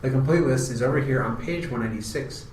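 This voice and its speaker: A man reading a scripted class presentation in a steady, explanatory way. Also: medium pitch, a little fast, roomy sound, recorded from a distance, slight background noise, low-quality recording. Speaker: student presenter.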